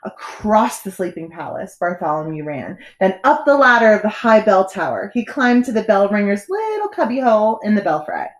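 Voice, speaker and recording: A woman teacher reading a children's storybook aloud with expressive, animated storytelling. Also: medium pitch, normal speed, hardly any pauses, reverberant.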